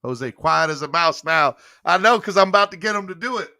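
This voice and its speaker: Young male podcast host, playful and coaxing, crisp bright tone, slightly high voice. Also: expressive, a little fast. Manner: playful, coaxing, laughing often. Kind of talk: casual live-stream chat.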